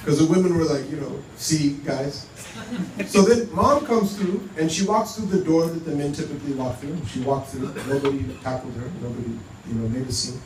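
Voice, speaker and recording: A man's voice: fairly high pitch, brisk, few pauses, darkish tone. Storytelling man in an echoey hall. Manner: conversational, acts out dialogue in quoted exchanges. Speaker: Muslim speaker. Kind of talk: storytelling talk to a community. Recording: roomy hall, mic at a distance, faint hum.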